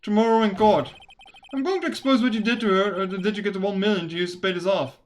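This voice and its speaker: A woman's voice: mid-range voice, fast, slight background noise, lightly acted. A woman voicing an earnest young male defense lawyer who questions and persuades. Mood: probing.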